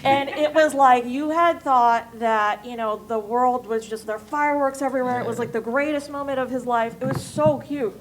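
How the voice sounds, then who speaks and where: Woman panelist, animated storyteller, slightly high-pitched, faint background noise. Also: moderate pace, hardly any pauses. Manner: animated storyteller, acts out voices. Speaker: costume volunteer panelist. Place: convention panel room.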